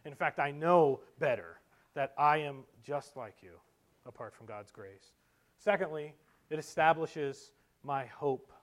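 A man preaching a sermon, moving between loud emphatic delivery and quiet, low asides. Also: unhurried. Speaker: pastor.

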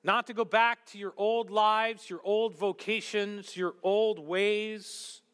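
Male pastor, lively sermon, fairly high voice, acts out quotes, drops to whispers, long hall reverb. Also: slow, clean tone. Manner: animated, acts out quotes with shifts to hushed whispers.

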